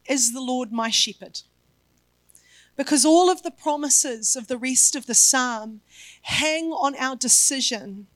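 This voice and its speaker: High-voiced woman preaching a sermon. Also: a bit bright, dry recording. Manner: emphatic preaching with building repetition. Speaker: pastor.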